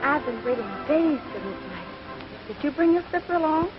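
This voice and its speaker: A woman playing an eager young contest hopeful, giggly and excited. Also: sits high, normal speed. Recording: dull 1940s film sound, music behind.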